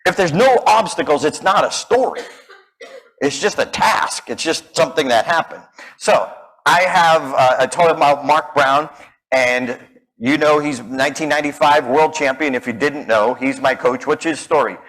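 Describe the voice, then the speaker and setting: Male speaking coach, slightly high voice, animated storyteller who acts out his characters. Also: moderate pace, low-quality recording. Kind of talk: storytelling keynote talk.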